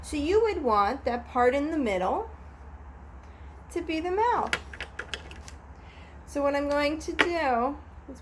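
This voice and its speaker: Slow, high-voiced woman teaching a craft. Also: very animated, background noise. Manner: gentle, patient, step-by-step explaining. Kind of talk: craft demonstration for children and families.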